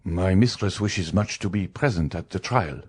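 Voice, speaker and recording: A man voicing a deferential valet who speaks politely and quietly. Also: sits low, normal speed, breathy edge. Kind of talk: audiobook character reading.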